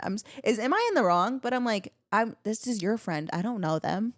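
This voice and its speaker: A woman in her twenties, a podcast co-host, chatting casually and telling a story with lively quoted voices. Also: mid-range voice, quick pace, few pauses, no room sound, studio quality. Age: 20s. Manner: animated storytelling, acts out quotes. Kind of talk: casual chat.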